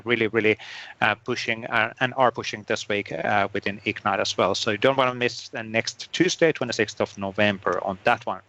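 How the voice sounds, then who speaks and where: Fast-talking man hosting a community call. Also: mid-range voice, sharp tone, no room sound. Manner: rapid, full of fillers and repeated words. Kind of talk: live online community call recap. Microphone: computer microphone on a video call.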